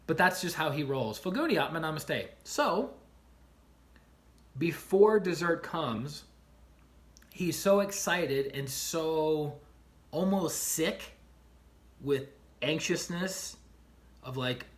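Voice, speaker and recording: Guy livestreaming, kinda higher voice, animated storytelling, keeps saying right?. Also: slow pace, pauses often. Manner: animated storyteller who retells stories and acts out the people in them; checks in with the listener with a frequent "right?". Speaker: life coach streaming to viewers. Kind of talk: casual livestream talk.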